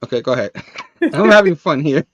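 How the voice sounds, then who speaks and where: A man's voice: fairly high pitch, expressive, brisk, no room sound. A man co-hosting a casual show, chiming in with playful comments. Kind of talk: casual chat.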